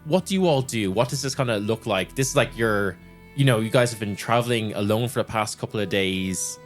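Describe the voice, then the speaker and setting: A man's voice: lowish voice, fairly quick, soft background music. Guy gm-ing a tabletop game, chatty, lots of likes and ums. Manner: loose and chatty, lots of filler words. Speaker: game master.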